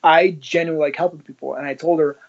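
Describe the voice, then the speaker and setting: A man's voice: on the high side, fast talker, creaky. Guy telling his story in an interview, does all the voices in it, kinda muffled audio. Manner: animated, acts out dialogue in his stories. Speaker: interview guest, former police officer. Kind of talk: conversational storytelling.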